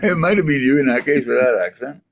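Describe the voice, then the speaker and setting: A man's voice: medium pitch, fast. Laughing, swearing older man telling stories. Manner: storytelling, swears freely, laughs often. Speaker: custom skateboard maker, podcast co-host. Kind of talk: casual chat between friends.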